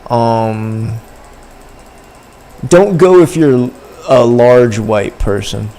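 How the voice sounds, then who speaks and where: Extremely slow and warm-toned, a young man's mid-range voice carries his rambling, slang-filled chat with viewers during a casual livestream.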